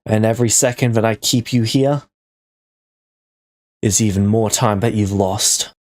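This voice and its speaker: A man's voice: fairly low pitch, unhurried, darkish tone, no echo, studio quality, natural voice. A man voicing a grandiose male villain clone, making pompous, dramatic declarations that ignore questions, over a voice call mic. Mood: menacing.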